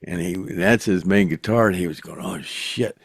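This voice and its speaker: An older man hosting a show, telling a road story casually in a halting way, full of fillers. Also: sits low, no room sound, clean studio sound. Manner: halting, full of "uh" and "you know". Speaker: show host and former rock roadie.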